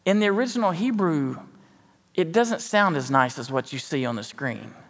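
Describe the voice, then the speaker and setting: A man's voice: fairly high pitch, lively intonation, moderate pace, long reverb tail. A man preaching a sermon in a folksy, conversational way with joking asides. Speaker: pastor. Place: church sanctuary.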